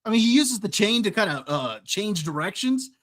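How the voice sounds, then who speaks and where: A man chimes in with enthusiastic remarks as a podcast guest. His voice sits fairly high and moves a lot in pitch. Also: big pitch swings, moderate pace, a bit bright. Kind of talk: casual movie review chat.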